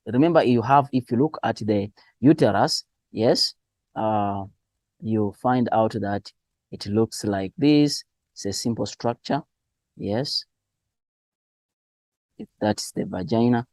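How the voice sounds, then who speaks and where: A man going through exam answers as a teacher, spelling out key terms slowly and asking and answering his own questions. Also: fairly low pitch, darkish tone, no echo. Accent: Southern African English. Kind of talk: exam revision lesson.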